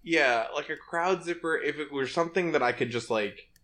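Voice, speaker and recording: A man's voice: on the high side, moderate pace, a bit bright. A man co-hosting a comedy podcast, talking in a rambling, self-deprecating way and laughing often. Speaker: podcast co-host. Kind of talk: casual comedy chat.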